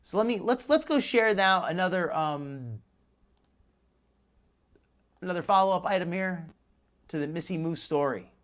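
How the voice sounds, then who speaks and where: A man's voice: sits high, expressive, normal speed, pauses often, a bit bright. A man hosting a live stream, commenting casually in a rambling way with many restarts. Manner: rambling, restarts a lot, chuckles. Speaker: host.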